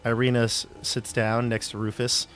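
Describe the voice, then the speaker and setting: A man's voice: mid-range voice, completely flat delivery, moderate pace, fairly bright tone, faint music behind. A man narrating as game master of a tabletop game, chatty and loose, with fillers and restarts.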